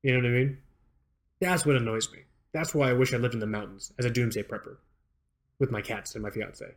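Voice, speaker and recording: A young man in easygoing podcast chat, talking in a middle-pitched voice. He gets animated, swears freely and trips over restarts as he rambles along. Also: fairly quick. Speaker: podcast co-host. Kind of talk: casual chat.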